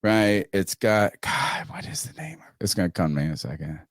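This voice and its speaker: A man telling a wild story on a podcast, swearing freely and jumping into loud voices for himself and his friend. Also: low-pitched, normal speed, no echo, studio quality. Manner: animated, swearing, acts out both sides in raised voice. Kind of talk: casual profane storytelling.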